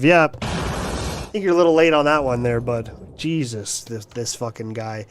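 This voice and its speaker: A man's voice: on the high side, lively intonation, a little slow, slight background noise. A man hosting a livestream, ranting casually in a mocking, crude way and swearing often. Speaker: livestream host.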